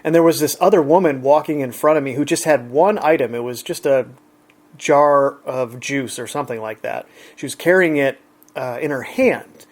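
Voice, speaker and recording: A man's voice: mid-range voice, normal speed. A man relaxedly retelling an everyday encounter in a chatty, conversational way. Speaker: storyteller. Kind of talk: casual anecdote.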